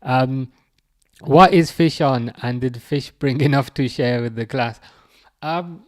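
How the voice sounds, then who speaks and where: Speaking slowly at a medium pitch, a young man from England hosts a football watch-along stream and pokes fun at the viewer comments he reads aloud. His chat is rambling, with many fillers and restarts. The audio is dry and studio grade.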